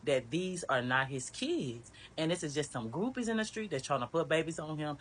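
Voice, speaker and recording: A woman's voice: deep voice, lively intonation, normal speed, husky. A woman candidly telling her own story in a casual, blunt way, with some swearing. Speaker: storyteller recounting her marriage.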